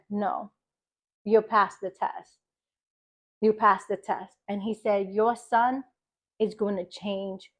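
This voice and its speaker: An American woman in her thirties tells a personal testimony of faith. She speaks in a mid-pitched voice, emphatic and animated, and acts out the words of the people in her story. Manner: expressive, emphatic, animated quoting of others. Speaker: faith podcast host.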